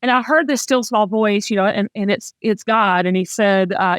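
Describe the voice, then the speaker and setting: A woman's voice: mid-range voice, normal speed, few pauses, dry recording, studio quality. Candid Southern woman host. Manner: emotional, candid, chatty storytelling. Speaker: podcast host. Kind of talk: personal casual chat.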